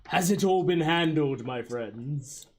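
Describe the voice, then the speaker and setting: A man voicing a grandiose, eccentric older gentleman who speaks formally and theatrically. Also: a little high, animated, takes it slowly, a little hiss or hum. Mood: grand. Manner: theatrical, pompous, formal speech.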